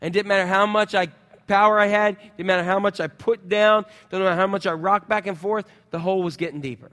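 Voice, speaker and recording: Man, middle-aged, pastor, sermon, lively storytelling, sound effects, slightly high pitch, reverberant church hall. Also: fast.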